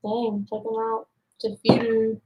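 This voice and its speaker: A woman playing a tabletop game, talking casually and quietly. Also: on the high side, completely flat delivery, slow, lo-fi sound. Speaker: player. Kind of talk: casual chat.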